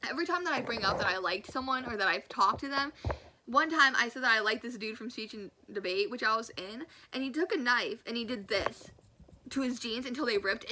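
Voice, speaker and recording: A woman's voice: on the high side, background noise. A young woman telling a personal story in a casual vlog, acting out the quotes and laughing often. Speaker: storyteller vlogger.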